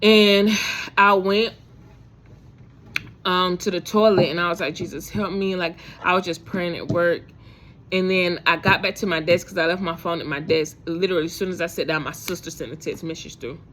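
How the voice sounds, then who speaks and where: A woman's voice: fairly low pitch, steady tone, normal speed, a bit bright, a little hiss or hum. A woman vlogger telling a faith story to her viewers in a casual, rambling way, full of fillers and restarts.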